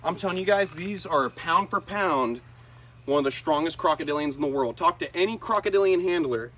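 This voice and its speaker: Excitable man hosting a wildlife vlog. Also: a little high, fairly quick. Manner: excitable, shouts at the animals. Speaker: reptile keeper and host. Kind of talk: casual vlog narration. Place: outdoor animal enclosures.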